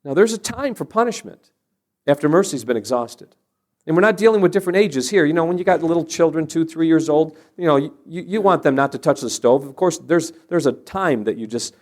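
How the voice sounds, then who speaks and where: A man with a fairly high, slightly mellow voice teaches about parenting from a Christian perspective. The talk is earnest and sermon-like, built on stories, and he often begins phrases again as his point takes shape.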